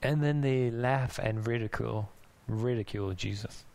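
Gravelly-voiced man preaching casually. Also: medium pitch, normal speed, a little mellow. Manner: conversational, musing, with restarts and small laughs. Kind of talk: sermon. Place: church in Denmark.

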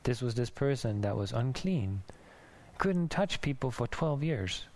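A man preaching a sermon in a conversational, musing way, restarting thoughts and now and then laughing softly. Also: mid-range voice, lively intonation, a little slow. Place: church in Denmark.

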